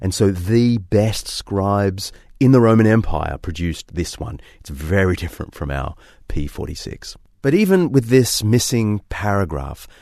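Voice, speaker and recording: Low-pitched male presenter, casual documentary explainer, dry close mic, faint music bed. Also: unhurried, gravelly, no room sound. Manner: casual, animated storytelling with fillers.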